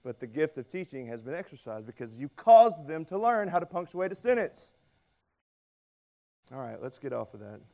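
A man preaching a sermon, telling stories and acting out quoted voices with lively emphasis. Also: a little high, moderate pace. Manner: storytelling with dramatic voiced quotes; animated, rising loud on emphasis. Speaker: pastor.

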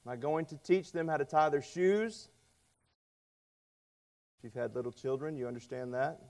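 A man preaching a sermon, telling stories and acting out quoted voices with lively emphasis. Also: a little high, normal speed, creaky. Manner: storytelling with dramatic voiced quotes; animated, rising loud on emphasis. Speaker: pastor.

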